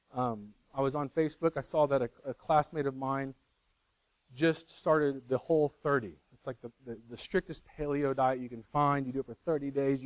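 A man's voice: mid-range voice, no echo, poor audio. A middle-aged man preaching a sermon in a conversational way, correcting himself and teasing the congregation.

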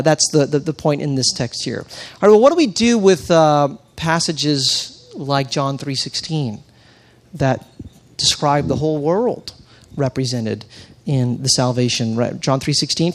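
A man preaching a teaching sermon, talking conversationally with frequent restarts and reading scripture with dramatic emphasis. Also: on the high side. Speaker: pastor.

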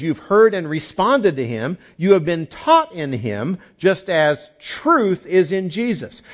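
A pastor preaching a sermon, emphatic, repeating key phrases and rising for emphasis. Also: male voice, fairly high pitch, muffled recording.

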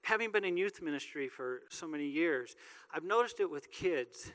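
A man's voice: on the high side, lively intonation, normal speed, a bit bright. A man preaching a sermon as pastor, talking in a joking, conversational way. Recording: long reverb of a large hall.

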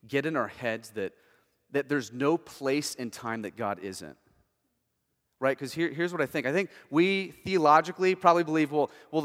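A man preaching a sermon as pastor, conversational, moving between hushed and emphatic. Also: medium pitch, in a large hall.

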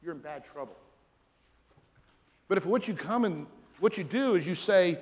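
A man's voice: expressive, moderate pace, long pauses, a little hiss or hum. Preaching man in a reverberant hall. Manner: earnest preaching, drops to a hushed low voice in prayer passages. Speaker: pastor. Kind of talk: sermon.

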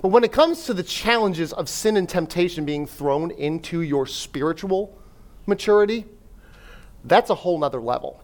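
A man giving a sermon-style talk, telling a personal story in an animated way, with fillers and acted self-talk. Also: mid-range voice, moderate pace. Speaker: speaker at a church.

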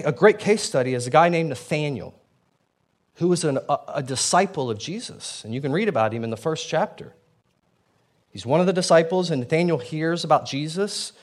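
A man preaching a sermon in a conversational, animated way, often restarting his sentences and stepping aside to explain. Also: on the high side. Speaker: pastor.

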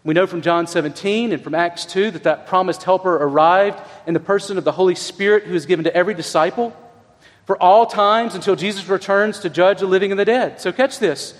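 A middle-aged male pastor preaching with an earnest, conversational warmth of storytelling and emphatic pauses. His voice sits high for a man. The sound rings with the long reverb of a big hall. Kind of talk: sermon.

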